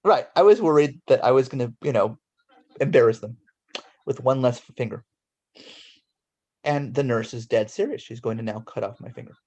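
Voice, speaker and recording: A man in his forties tells a story from his childhood as a guest, his voice sitting at a middling pitch. He tells it with animated energy and acts out each person in the story. He grew up in Los Angeles.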